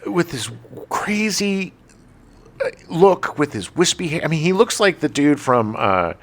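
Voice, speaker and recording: A man co-hosting a movie podcast in casual chat, animated and jokey, with some swearing. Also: fairly high pitch, a little slow. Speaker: podcast co-host.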